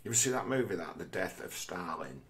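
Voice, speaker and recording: A man's voice: sits low, sing-song, fast talker, a bit bright. A man delivering a rambling philosophical monologue, swearing heavily and restarting his sentences often. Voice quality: heavy swearing, restless restarts. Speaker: vlogger.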